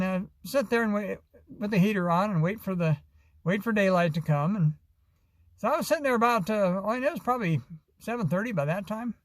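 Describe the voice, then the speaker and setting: A man's voice: sits high, no echo. A man from Arizona, telling a long, rambling story with many fillers and restarts in a casual vlog. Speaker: vlogger.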